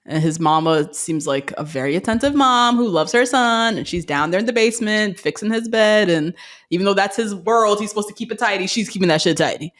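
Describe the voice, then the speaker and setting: Woman co-host, middle pitch, blunt sarcastic recap chatter. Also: animated, a little fast, a bit bright. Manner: candid, profane, recapping with sarcastic asides. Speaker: podcast co-host. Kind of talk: casual recap chat.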